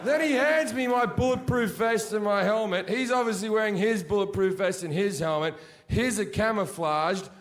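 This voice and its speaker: A middle-aged man doing stand-up comedy on a stage, telling brash, profane stories and jumping to shouted punchlines, through a handheld mic. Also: high voice, moderate pace. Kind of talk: stand-up storytelling. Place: comedy stage before a laughing audience. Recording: live show audio with loud audience laughter.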